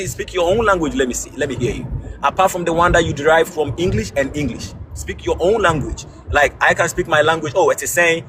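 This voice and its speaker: A man from Ghana in a heated debate, speaking earnestly and haltingly with frequent restarts. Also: fairly high pitch. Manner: earnest, halting, with many restarts when interrupted. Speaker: debate participant. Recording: noisy background.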